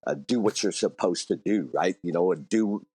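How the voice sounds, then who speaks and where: A man's voice: sits low, normal speed, a little mellow, husky, no room sound. A man being interviewed about long-distance motorcycle riding, telling stories animatedly with frequent restarts and repeated words. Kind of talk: casual storytelling interview.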